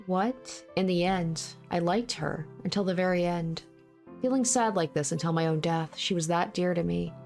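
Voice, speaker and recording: Give me a woman with a low-pitched voice reading a visual novel aloud, steady and measured. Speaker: let's play narrator.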